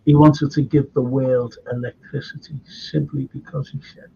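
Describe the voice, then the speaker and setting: An older man with a Liverpool accent hosts a casual chat show, rambling and chatty with frequent restarts, tired from lack of sleep. His mid-range voice is creaky and dark, with little pitch movement, at normal speed. The lo-fi sound is dull with faint noise.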